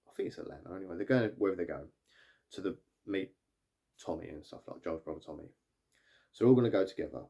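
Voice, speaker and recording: Young male TV reviewer, deep voice, rambling casual recap. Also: fast talker, vocal fry, long pauses, dark tone, breathy edge. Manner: rambling, full of "like" and "sort of". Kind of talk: casual spoken episode recap.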